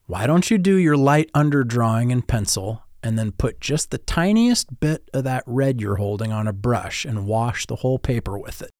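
A man playing a gruff, kind art teacher. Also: mid-range voice, normal speed, few pauses, dry recording, studio quality, close to an everyday voice. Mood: encouraging. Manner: calm, encouraging, explaining. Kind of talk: audiobook-style storytelling.

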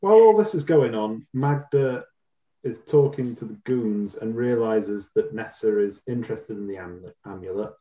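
A man's voice: lowish voice, normal speed, warm tone, roomy sound, muffled recording. A man co-hosting a podcast, recapping a show in casual chat with a dry, wry manner and frequent laughs. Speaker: podcast co-host.

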